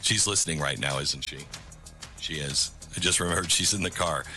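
A middle-aged man with a very bright, forward voice talks to his radio audience in a loose, rambling monologue. He slips in sarcastic asides, and faint music sits under him. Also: deep voice, animated, a little fast. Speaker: radio show host. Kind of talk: talk radio monologue with live ad read.

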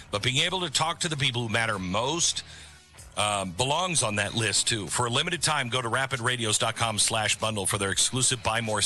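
Bright-voiced middle-aged male radio host. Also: fairly low pitch. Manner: conversational, rambling, sarcastic asides. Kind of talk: talk radio monologue with live ad read.

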